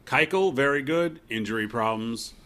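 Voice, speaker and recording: A man co-hosting a casual sports podcast, talking in an animated, joking, opinionated way. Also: mid-range voice, normal speed. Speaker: podcast co-host.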